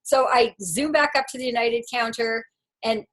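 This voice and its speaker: Lively woman telling a personal story. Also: fairly high pitch, moderate pace, rough recording. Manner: lively, casual, lots of "like" and "you know". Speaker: life coach and speaker.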